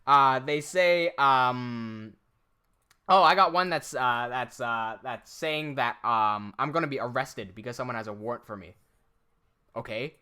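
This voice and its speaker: Young Aussie guy, streamer, casual and sweary, bright tone. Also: medium pitch, unhurried, smooth. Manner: animated, profane, laughs often. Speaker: live streamer. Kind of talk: casual live-stream chat.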